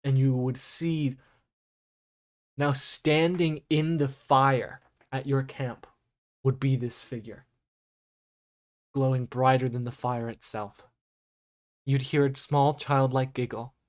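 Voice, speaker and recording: A woman narrating a tabletop game as game master, describing scenes in a measured way. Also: rumbling low, fairly even intonation, darkish tone.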